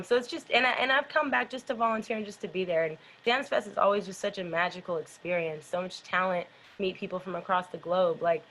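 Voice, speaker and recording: A woman's voice: a little high, fairly bright tone, a little hiss or hum, poor audio. Rambling middle-aged woman guest. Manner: rambling, filler-heavy storytelling. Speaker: dance company founder, guest. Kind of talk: casual interview chat.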